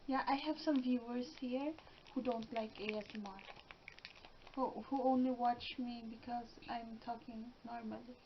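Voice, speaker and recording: A woman's voice: fairly high pitch, steady tone. A middle-aged woman vlogging casually at home with her daughter, chatty and giggly. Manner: chatty, giggly, talks slowly. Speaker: vlogger, mother of the co-host. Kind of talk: casual home vlog chat. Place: home room. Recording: dull lo-fi home video sound with faint noise.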